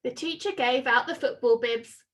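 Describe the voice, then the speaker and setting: A woman reading a children's story aloud with expressive, sing-song storytelling. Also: on the high side, moderate pace.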